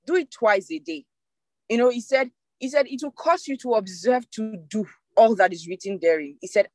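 A woman's voice: fairly high pitch, no room sound. A woman preacher leading an online devotional, delivering an emphatic sermon over a video call, repeating key phrases for emphasis.

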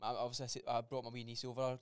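A man's voice: mid-range voice, completely flat delivery, rapid-fire, smooth, no echo. A young man in a casual podcast chat, blunt and swearing freely, acting out remembered conversations. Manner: blunt, swears freely, acts out quoted dialogue. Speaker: podcast co-host.

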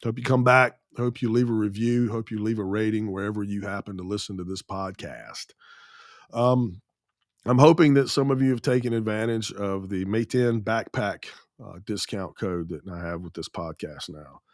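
A man's voice: on the low side, normal speed, no echo, studio quality. Ranting, swearing podcast host man. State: sick with an ear infection. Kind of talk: angry solo podcast rant.

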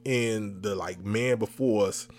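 A man hosting a podcast, telling a comic story with lively re-enactments of his own reactions. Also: lowish voice, takes it slowly. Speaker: podcast host. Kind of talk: comedic storytelling.

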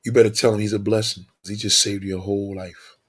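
A man playing a warm, welcoming male pastor who speaks kindly and calmly. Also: lowish voice, brisk, slightly rough.

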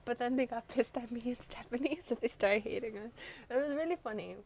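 Young New woman, slightly high-pitched, chatty and foul-mouthed, acts out what her friends said. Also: a little fast, creaky, a little mellow. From Brooklyn, New York. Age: young adult. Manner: profane, rambling, quotes friends mid-story. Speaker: storyteller. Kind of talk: casual storytime.

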